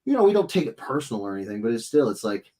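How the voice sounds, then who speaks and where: A man hosting a casual live stream, telling stories in a rambling, animated way with many restarts. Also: mid-range voice, racing, breathy edge. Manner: rambling, self-interrupting, animated storytelling. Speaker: livestream host. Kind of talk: casual chat.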